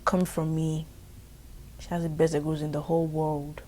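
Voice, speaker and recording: A young woman with a Nigerian accent tells a storytime vlog, lively and exasperated. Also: deep voice, moderate pace, noisy background. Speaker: vlogger.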